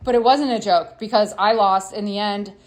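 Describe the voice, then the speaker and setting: A woman musician telling her own story in a confessional monologue, swearing freely and swinging between loud angry bursts and quieter stretches. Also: mid-range voice, steady tone, normal speed.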